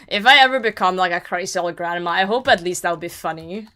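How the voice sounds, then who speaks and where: A woman's voice: on the low side, moderate pace, pushed and bright. Chatty young woman streaming a game. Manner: chatty, swearing, laughing often. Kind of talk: casual chat while gaming.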